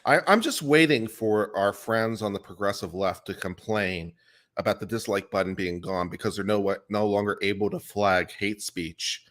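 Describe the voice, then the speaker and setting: A man's voice: fairly low pitch, moderate pace, fairly bright tone. A man chatting as a guest on a live panel in an easygoing, wry way. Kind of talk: casual chat.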